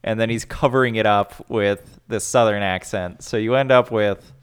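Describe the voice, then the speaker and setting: Smooth-voiced man recapping a film. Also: lowish voice, steady tone, normal speed. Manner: conversational, recaps plot with wry asides. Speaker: podcast co-host. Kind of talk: casual film review chat.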